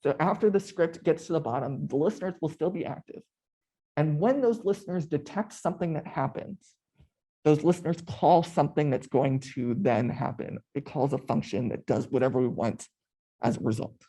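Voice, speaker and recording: A man's voice: fairly high pitch, normal speed, mellow. A young man running a coding workshop, explaining step by step in a casual, chatty way. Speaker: workshop instructor. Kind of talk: live coding tutorial.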